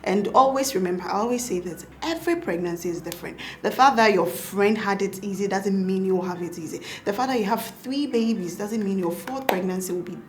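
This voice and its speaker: A young woman doctor with a Ghanaian accent, telling lively stories in a casual interview and laughing often. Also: mid-range voice, brisk, hardly any pauses, a little hiss or hum. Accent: Ghanaian English. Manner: animated, laughing, acts out quotes. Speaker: pediatric doctor and mother, guest.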